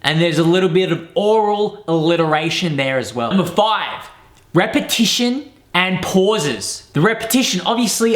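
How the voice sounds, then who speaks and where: A man's voice: sits high, lively intonation, normal speed. A man working as a speaker coach, giving an upbeat analysis of a famous speech. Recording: roomy echo.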